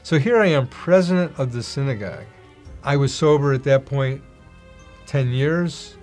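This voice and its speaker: A man's voice: medium pitch, moderate pace, darkish tone. Man telling his life story over music. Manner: acts out quoted dialogue in other voices. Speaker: interviewee telling his testimony. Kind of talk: personal testimony storytelling.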